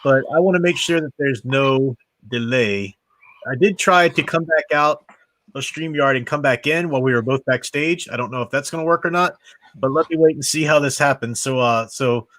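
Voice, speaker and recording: A man's voice: medium pitch, brisk, a bit bright. Chatty man hosting a book stream. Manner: chatty, frequent restarts and laughs. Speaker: book club livestream host. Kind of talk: casual livestream chat.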